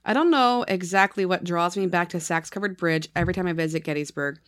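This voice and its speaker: A woman's voice: fairly low pitch, fast talker, dry recording, clean studio sound. A woman, a podcast host whose voice is slightly scratchy from illness, chatting playfully and reading true ghost stories aloud. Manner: playful, laughs often, reads stories in a lively storytelling way.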